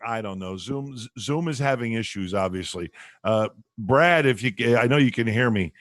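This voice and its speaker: A man's voice: medium pitch, moderate pace, fairly bright tone, no echo, clean studio sound. A man hosting a casual talk show from home over a video call, rambling with many restarts. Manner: rambling, lots of restarts and fillers. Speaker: radio show host. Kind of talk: casual chat.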